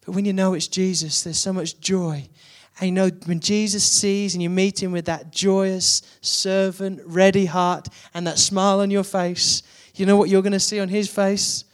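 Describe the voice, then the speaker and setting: A man's voice: sits high, little pitch movement, moderate pace, few pauses. A man preaching a sermon, building to emphatic repeated questions.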